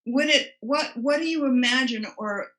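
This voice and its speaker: A woman's voice: high-pitched, normal speed, a bit bright, rough recording. A woman student in a mediumship class, asking a question thoughtfully and restarting as she works it out. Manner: thoughtful, restarts while working out her question.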